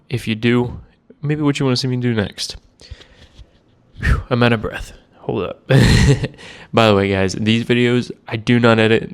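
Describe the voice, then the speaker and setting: Young man in his twenties, casual vlogger; mid-pitched, clean voice; rambling, self-deprecating storyteller. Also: clear, resonant tone. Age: 20s. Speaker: cigar vlogger. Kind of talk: casual chat to camera.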